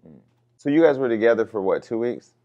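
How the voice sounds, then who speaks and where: A man's voice: medium pitch, animated, fairly quick. A male interview host who asks direct, probing questions. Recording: dull lo-fi sound.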